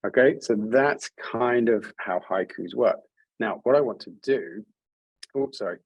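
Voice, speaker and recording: A man leading an online writing workshop over a video call speaks in a friendly, encouraging way, often restarting his sentences. His voice is mid-range and unhurried. The audio has no echo, but the high frequencies are cut off.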